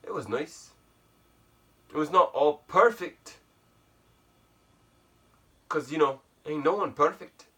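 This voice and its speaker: A man's voice: a little high, slow, long pauses, sharp tone, far from the mic. A man vlogging while sitting in an ice bath at home, musing aloud in a rambling, self-mocking way with a put-on Irish brogue. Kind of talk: casual reflective monologue.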